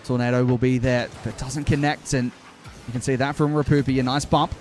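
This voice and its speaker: A young man doing live play-by-play commentary on an esports match, calling the action briskly and breaking off to answer his chat. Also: medium pitch, level tone, a little mellow, a little hiss or hum.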